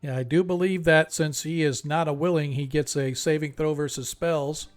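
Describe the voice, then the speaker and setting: Man, game master, tabletop game, rambling, easygoing, online call, slightly high voice. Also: steady tone, moderate pace. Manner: rambling, easygoing, with frequent fillers.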